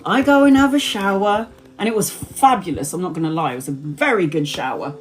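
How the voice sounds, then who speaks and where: A woman's voice: lowish voice, brisk. A woman in her forties telling a story casually on a live stream, laughing often and swearing freely, then giving a tarot reading. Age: 40s. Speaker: tarot reader.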